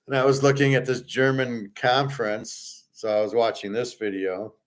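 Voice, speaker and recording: A middle-aged male host holding forth in a loose, unscripted rant. His voice sits at an ordinary mid pitch, and he talks bluntly, swears freely and sounds openly exasperated. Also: level tone, normal speed. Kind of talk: casual ranting commentary.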